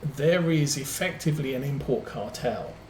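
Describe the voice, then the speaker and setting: A man casually chats through rambling, um-filled anecdotes as he streams a farming game. His mid-range voice is animated and moves at a moderate pace, and the recording has a roomy echo with a little hiss or hum.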